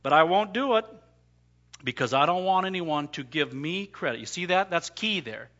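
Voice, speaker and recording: A man's voice: fairly high pitch, lively intonation, normal speed, fairly bright tone, highs cut off. A man preaching a sermon emphatically, voicing scripture in the first person. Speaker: pastor.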